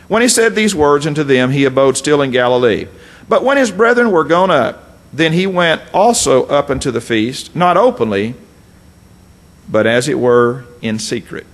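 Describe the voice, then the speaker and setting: A man preaching a folksy, emphatic sermon, reading scripture and adding asides. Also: medium pitch.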